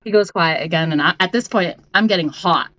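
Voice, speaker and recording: A woman's voice: fairly low pitch, fairly quick, pushed and bright, no room sound. A woman from Puerto Rico, a podcast guest telling a rideshare story in casual chat, acting out the voices and swearing freely.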